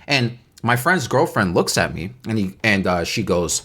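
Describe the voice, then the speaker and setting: Low-voiced young man telling a story. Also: normal speed. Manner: animated, incredulous, reenacting. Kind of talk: casual story time vlog.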